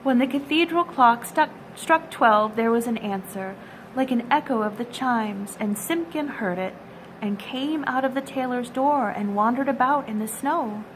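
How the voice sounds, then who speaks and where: High-voiced woman reading a children's story. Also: a little slow, slight background noise, poor audio. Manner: gentle, expressive storytelling. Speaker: storytime reader.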